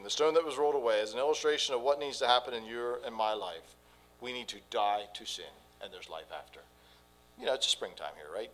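A man preaching a sermon, swinging between quiet and loud delivery. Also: lowish voice, poor audio. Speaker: pastor.

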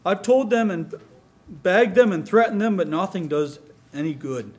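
A man's voice: high-pitched, animated, moderate pace, a little mellow, pitched above the performer's own voice. A man voicing a patient middle-aged farmer who talks earnestly about his troubles. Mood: troubled.

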